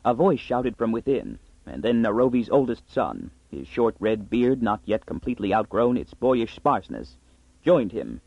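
A man reads a story aloud with a husky voice and lively, rising and falling pitch. The recording is dry and slightly muffled. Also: moderate pace, no echo. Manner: expressive storytelling. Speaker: audiobook narrator. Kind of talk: scripted narration.

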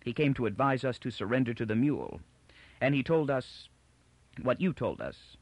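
Easygoing young husband, terse and plain, man's own voice, lively delivery. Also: medium pitch, moderate pace, dry recording. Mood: matter-of-fact.

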